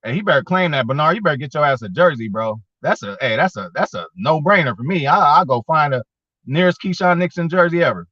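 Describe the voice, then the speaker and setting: Excitable bright-voiced man in casual chat. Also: on the high side, fast talker, no room sound. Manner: excitable, profane, slangy, gets worked up. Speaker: sports fan show host. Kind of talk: casual fan chat, answering viewers. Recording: dull lo-fi.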